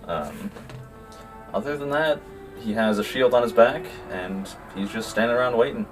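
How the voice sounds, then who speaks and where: A man's voice: mid-range voice, expressive, moderate pace, over music. A man player describing his character hesitantly, with many fillers. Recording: distant from mic.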